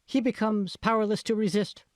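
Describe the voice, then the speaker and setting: A coy, theatrical young woman in cosplay, speaking with a Japanese accent in a pitched-up voice far above the reader's own, as a man puts her on. It is an audiobook read in a dry, close room. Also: fairly even intonation, normal speed, no room sound, close to an everyday voice.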